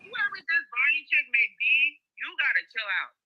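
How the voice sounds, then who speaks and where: A woman's voice: high-pitched, sing-song, moderate pace. Heated woman caller on a dull phone line. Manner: heated, insistent. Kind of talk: phone call-in.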